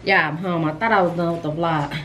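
A woman in her fifties, a chatty and excitable vlogger who talks straight to her viewers from home. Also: lowish voice, fast, a little hiss or hum. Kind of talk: casual vlog chat.

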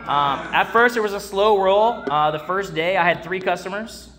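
A man's voice: high-pitched, moderate pace, sharp tone. A young man preaching to a congregation. He tells a personal story in a rambling way, with many fillers and restarts, and calls out to the crowd. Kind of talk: church sermon with personal story.

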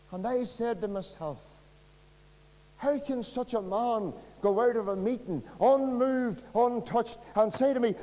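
A man with a Northern Irish accent preaching an evangelistic sermon, earnest and pleading, dropping to a hush and rising again. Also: high-pitched, expressive, moderate pace. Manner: earnest, pleading, dramatic swings from loud to hushed. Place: church. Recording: long reverb of a church hall.

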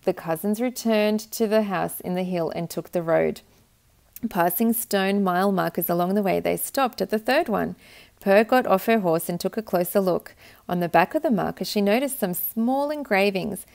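Woman reading a kids book out loud, gentle and expressive, bit of vocal fry. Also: mid-range voice, moderate pace. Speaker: children's book reader. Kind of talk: storybook read-aloud.

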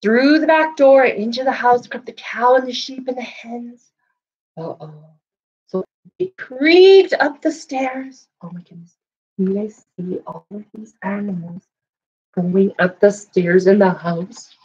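A woman librarian with a mid-range, slightly mellow and breathy voice reads a farm picture book aloud to young children indoors at the library, speaking a little slowly in a sing-song way and asking them questions. She then leads a handprint painting craft, and the recording has its highs cut off.

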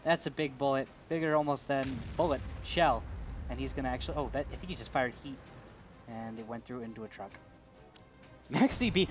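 A man's voice: mid-range voice, a little fast, faint music behind. A man doing color commentary on an esports match, goofy and jokey, with dry asides. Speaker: esports co-caster.

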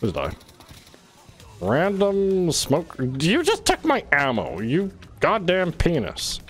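A man's voice: fairly high pitch, huge pitch swings, takes it slowly, fairly bright tone. A man streaming a game, ranting and swearing in exasperated, repetitive bursts. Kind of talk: frustrated gameplay commentary. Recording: faint music behind.

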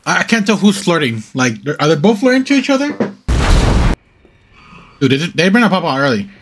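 A man narrating his horror playthrough in a high voice that leaps all over the place, swearing constantly and yelping when scared. The recording carries a steady noisy hiss with clicks behind him. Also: brisk. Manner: excitable, swears constantly, yelps and laughs when startled. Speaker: gaming channel host. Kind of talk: live let's-play commentary.

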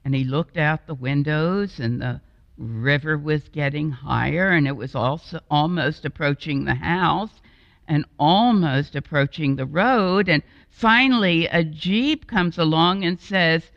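Slow, gravelly woman preaching. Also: sits low, dry recording, in a large hall. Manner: slow, expressive, with acted voices. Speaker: guest preacher. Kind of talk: storytelling sermon. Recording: dull, lo-fi and dry.

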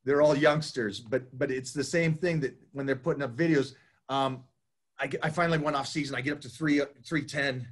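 A man's voice: mid-range voice, fairly even intonation, a little fast. A middle-aged man hosting a casual interview chat, enthusiastic and often restarting his sentences. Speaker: host.

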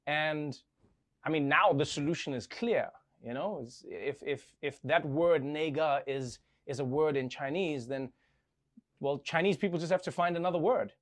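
A man's voice: a little high, moderate pace. A man hosting a comedic late-night segment, wry and playfully flustered, stammering in the banter. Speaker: host.

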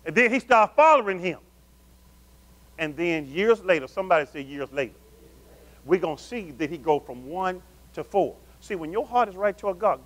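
High-pitched animated preacher man. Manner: animated call-and-response preaching, addresses the congregation as family. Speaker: pastor. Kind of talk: sermon.

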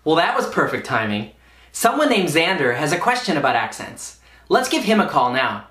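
An American man hosting a science lesson for kids, telling stories in a friendly, animated way. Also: on the high side, normal speed, a little hiss or hum. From United States. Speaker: educational show host.

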